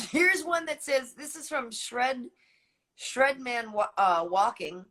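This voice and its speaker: A woman's voice: on the high side, takes it slowly, fairly bright tone. A middle-aged woman from Massachusetts hosting a casual chat, telling stories animatedly and laughing easily. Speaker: host. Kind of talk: casual late-night chat.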